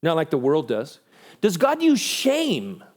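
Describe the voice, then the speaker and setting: A man giving a church conference talk, animated, acting out quoted voices with big pitch jumps. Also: takes it slowly. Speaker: conference speaker.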